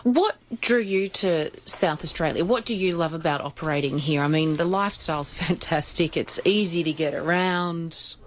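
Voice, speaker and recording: A woman hosting a casual radio interview, chatty and quick to laugh as she asks her questions. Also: low-pitched, a little hiss or hum. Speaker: radio host.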